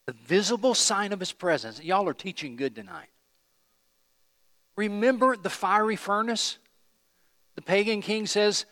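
A man's voice: sits high, a little slow, pauses often, bright, forceful tone, no room sound, big-room sound. A man pastor preaching a sermon, emphatic and putting questions to the congregation.

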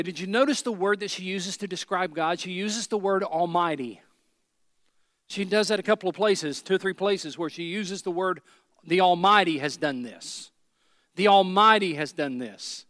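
A man's voice: high-pitched, normal speed, fairly bright tone, no room sound, clean studio sound. A man preaching a sermon with emphasis, driving his points home through repeated phrases.

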